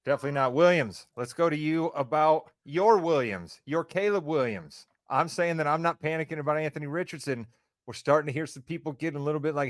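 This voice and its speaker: Brief: male sports-podcast host, rapid-fire teasing delivery, dry close sound. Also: a little high, no echo. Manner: quick, teasing banter. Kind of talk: casual sports chat.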